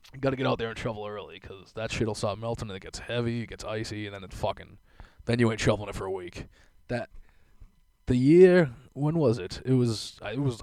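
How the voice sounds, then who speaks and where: A man's voice: lowish voice, dry recording. A young man telling rambling stories in a casual monologue, swearing often and laughing to himself. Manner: profane, rambling, laughing asides. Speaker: solo vlogger.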